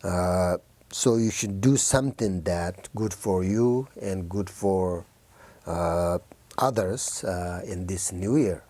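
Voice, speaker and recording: A man giving a New Year Dharma talk to his students as a Buddhist teacher, gentle and encouraging, halting with many fillers and pauses. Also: sits low, no room sound.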